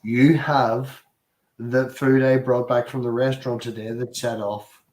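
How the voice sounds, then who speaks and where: A man hosting a casual chat and telling animated, sweary stories. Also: mid-range voice, a little slow. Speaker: podcast host. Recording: roomy echo.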